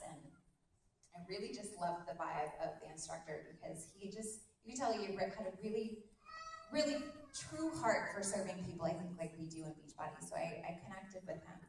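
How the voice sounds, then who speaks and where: Energetic woman speaking in an echoey hall. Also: mid-range voice, fairly quick, far from the mic, a little hiss or hum. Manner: energetic, emphatic, swears and laughs with the crowd. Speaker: motivational speaker at a business event. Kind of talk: live motivational talk. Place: large hall.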